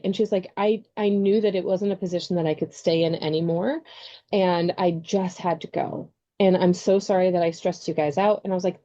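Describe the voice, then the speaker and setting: A woman co-hosting a casual podcast chat, telling stories from her career coaching work with quick asides. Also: fairly low pitch, fairly even intonation, mellow, highs cut off. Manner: chatty storyteller, quick asides.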